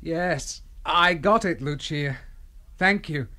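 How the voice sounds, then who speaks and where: An actor playing a calm young Australian man in a scripted radio drama for English learners. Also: on the high side, slow pace.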